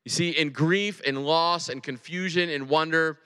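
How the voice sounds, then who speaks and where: A man in his forties preaching a sermon in a large hall, conversational and animated, often checking in with his listeners. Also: fairly high pitch, a little slow, few pauses, clean tone. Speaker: pastor. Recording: long hall reverb.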